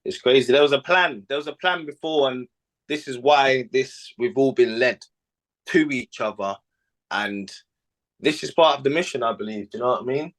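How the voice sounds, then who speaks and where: A man speaks on a podcast with earnest emphasis and repeats his key lines. His voice sits at a middle pitch. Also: moderate pace, fairly bright tone, poor audio. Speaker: podcast host. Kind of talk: casual chat.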